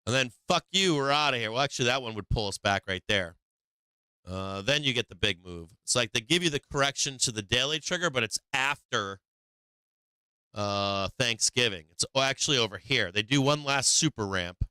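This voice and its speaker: A man's voice: medium pitch, normal speed, smooth, dry recording. A man hosting a live stock trading show, swearing freely, laughing often and acting out what the market will do. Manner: profane, animated, laughs often, acts out the market. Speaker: livestream trading show host.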